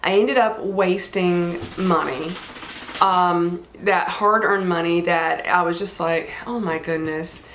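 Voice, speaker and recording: A woman's voice: lowish voice, steady tone, slow, a bit bright, slight background noise. A woman in her forties, a fashion vlogger, talking in a casual, rambling way while congested from a cold. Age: 40s. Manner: chatty, meandering storytelling. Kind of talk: casual chat.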